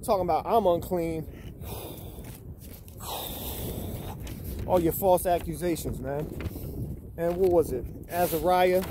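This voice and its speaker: A man with a notably high voice rants in a casual, accusatory way, breaking into scripture readings between his complaints. He keeps tagging his lines with "man" and "bro." Steady background noise and passing vehicles run under the recording. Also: slow pace, long pauses.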